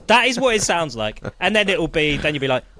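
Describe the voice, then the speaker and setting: A man's voice: a little high, a little fast, background noise. A man, co-hosting a podcast in casual, teasing chat. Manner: teasing, animated. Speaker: podcast co-host.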